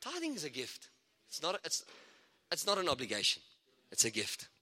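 Guest preacher, male, high bright voice, swoops around a lot, long church-hall reverb. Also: normal speed. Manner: animated, excitable preaching with asides and laughs. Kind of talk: sermon.

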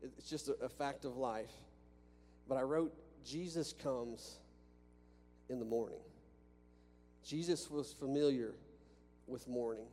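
Conversational preacher in an echoing church. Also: male voice, medium pitch, dark tone. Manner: conversational, with frequent restarts and rhetorical questions. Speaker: pastor. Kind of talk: sermon. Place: church sanctuary with a balcony. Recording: long reverb from a church hall with faint hum.

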